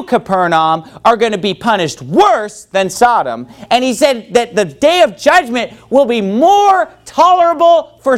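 A man with a high voice preaches a sermon as a pastor, quoting scripture and asking his congregation questions. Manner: preaching with call-and-response from the congregation.

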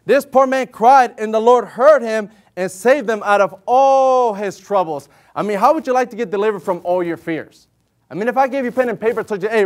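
A man preaching a sermon in an earnest, conversational way, pressing hard on key words and slowing into a measured cadence when he reads scripture. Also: high voice. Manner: earnest and conversational, rising to emphatic stresses. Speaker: lay preacher.

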